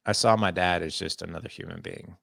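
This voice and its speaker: Man, very low voice, gravelly, earnest storyteller, podcast guest, dry close sound. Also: fairly quick, dry recording. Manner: earnest, animated storytelling with frequent "I was like" quotes. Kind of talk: candid storytelling interview.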